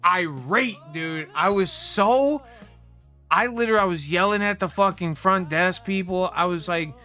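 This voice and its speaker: A man's voice: high-pitched, unhurried, bright, forceful tone, faint music behind. A young man hosting a livestream, ranting casually with heavy profanity and a heated, rambling delivery. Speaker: livestream host.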